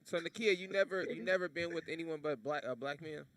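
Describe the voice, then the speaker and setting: Fast-talking bright man host. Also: fairly high pitch, no echo. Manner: fast, prodding, crude quips. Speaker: podcast host. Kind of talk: casual comedy banter.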